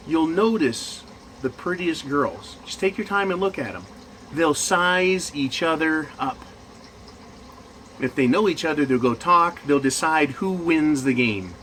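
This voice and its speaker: A man's voice: on the high side, a bit bright, a little hiss or hum, rough recording. A man in management ranting crudely and mockingly in a profane monologue. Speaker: commentator.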